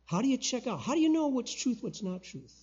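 An older man preaching a sermon as a guest pastor in a church, emphatic, with loud call-and-response bursts. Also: very high-pitched, sing-song, fairly quick, slightly rough, muffled recording. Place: church sanctuary.

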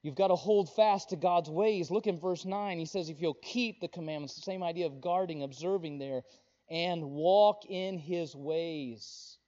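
Fervent preacher man, kinda high voice, goes quiet then loud, muffled old recording. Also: a little fast, few pauses. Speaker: pastor. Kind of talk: sermon. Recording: dull lo-fi recording.

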